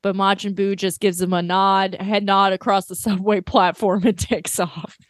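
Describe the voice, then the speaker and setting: A woman co-hosting a podcast, recapping an anime episode in casual, animated chat full of laughs and fillers. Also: mid-range voice, moderate pace, dry recording, studio quality. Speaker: podcast co-host.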